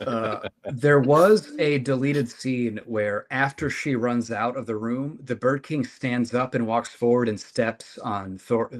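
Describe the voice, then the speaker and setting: A man co-hosting a casual podcast about a comic book, recapping the plot in a steady, matter-of-fact way. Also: medium pitch, slow, hardly any pauses. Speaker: podcast co-host.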